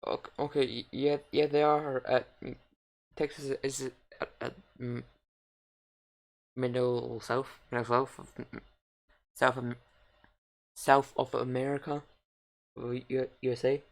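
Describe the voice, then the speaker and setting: A man reacting casually and unscripted, halting and stammering with many restarts. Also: medium pitch, level tone, vocal fry. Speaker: reaction video host.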